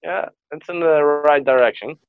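A man's voice: fairly high pitch, crowd noise. Man, dull lo-fi sound. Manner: hesitant, halting explanations. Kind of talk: casual chat.

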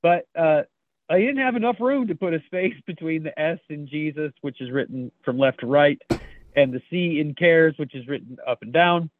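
A man's voice: fairly high pitch, moderate pace. A man co-hosting a podcast, chuckling as he reads out memes in a casual, jokey chat. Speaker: podcast co-host. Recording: tinny phone-like line, dry.

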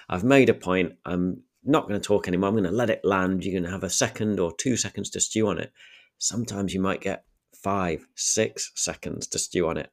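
Male podcast host, slightly low voice, relaxed coaching tone that demonstrates its own pacing. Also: gravelly. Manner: thoughtful, varies pace and volume to demonstrate. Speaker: communication coach. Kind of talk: solo podcast talk.

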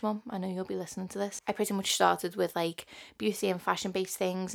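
A woman's voice: on the low side, creaky. A 21-year-old woman from Liverpool with a Scouse accent, chatting casually and rambling on her solo podcast with lots of "like" fillers. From Liverpool, England. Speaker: podcast host.

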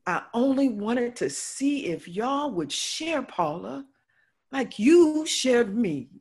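A remorseful, motherly friend, voiced by a woman with a husky voice. She speaks slowly and earnestly, laying out her regrets with heartfelt weight. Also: fairly high pitch, very animated, darkish tone, exaggerated voice. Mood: confessing, earnest. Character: remorseful older woman friend confessing a wrong. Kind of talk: stage play acting.

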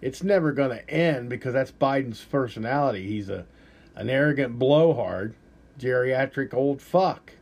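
A man's voice: mid-range voice, lively intonation, moderate pace, a little mellow, slightly rough. A man hosting a podcast, giving rambling, profane, blunt political commentary in a casual way. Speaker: podcast host.

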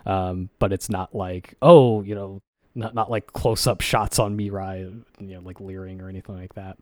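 Low-voiced man chatting loosely. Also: steady tone, normal speed, no echo, clean studio sound. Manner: rambling, many fillers, acts out quotes. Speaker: podcast co-host. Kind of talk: casual chat.

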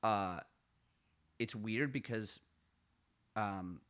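A man's voice: fairly low pitch, very slow, a bit bright, clean tone. A young man from the Ottawa Valley with a Canadian accent, co-hosting a casual comedy podcast and rambling with stumbling restarts and self-mockery. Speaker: podcast co-host.

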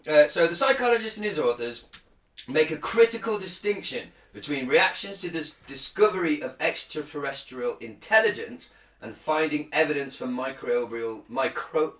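A man's voice: a little high, lively intonation, normal speed, a bit bright, roomy sound, poor audio. A man co-hosting a casual podcast, reading a news article aloud and joking and swearing along the way. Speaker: podcast co-host.

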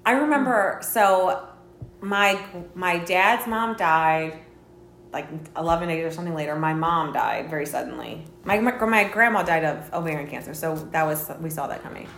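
A woman's voice: sits low, normal speed, creaky, fairly bright tone. Wry woman co-host, echoey room. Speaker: podcast co-host. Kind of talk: casual chat. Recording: echoey room, faint noise.

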